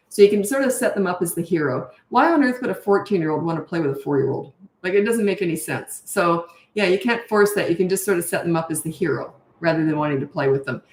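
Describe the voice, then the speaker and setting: A woman in her sixties with a lowish voice talks frankly and casually as a parenting coach on a live stream. She reads out viewer questions and answers them plainly. Her voice rings in a noticeably echoey room. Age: 60s.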